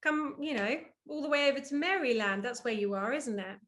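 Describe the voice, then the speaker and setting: An English woman in her thirties hosts an interview over a video call. Her voice sits high and bubbly. She jokes along and laughs readily with her guest. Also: brisk, a bit bright. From England. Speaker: interview host.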